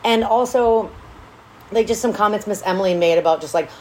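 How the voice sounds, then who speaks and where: A woman in a casual book-club chat, swearing freely and acting out characters in quick asides. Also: mid-range voice. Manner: animated, profane, acts out characters in quotes. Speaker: podcast co-host.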